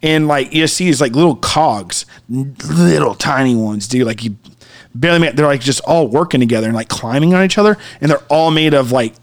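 A man in casual conversation, telling a long story with animated shouts and acted-out voices of the people in it. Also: medium pitch, moderate pace. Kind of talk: casual podcast chat.

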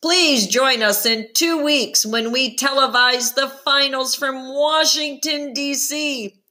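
A woman's voice: high voice, bright, forceful tone, pitched above the performer's own voice, heavily acted. A woman doing a showy male TV quiz host. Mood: announcing. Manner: announcer-style, drawn-out dramatic pauses.

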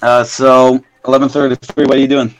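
A young man narrating a tabletop game as game master, halting with many ums and self-corrections. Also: mid-range voice, little pitch movement, poor audio.

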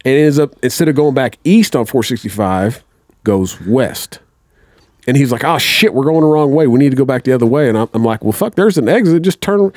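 As a podcast guest, a man tells a long, rambling story, swearing heavily and acting out what people said. His mid-range voice has a darkish tone, captured at studio quality with no echo.

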